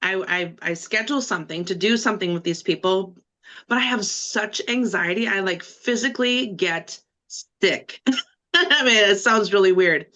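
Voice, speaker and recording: Woman on a zoom call, emotional and rambly, bright punchy voice, kinda muffled audio. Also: medium pitch, normal speed. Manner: emotional, animated, rambling with restarts. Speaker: team member on a call. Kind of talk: casual personal sharing.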